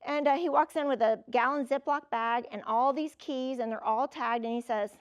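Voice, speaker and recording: A woman in her fifties, high-pitched with a clear, resonant tone, speaks at normal speed during a motivational keynote. She talks directly to the crowd, telling personal stories in a lively, conversational way.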